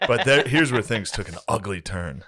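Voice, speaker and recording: A low-pitched man spins a rowdy, comedic anecdote on a podcast. He talks loosely and animatedly, swearing freely and breaking into laughter as he goes. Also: normal speed. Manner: animated, swears a lot, laughs mid-sentence. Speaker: podcast host. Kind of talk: casual comedic storytelling.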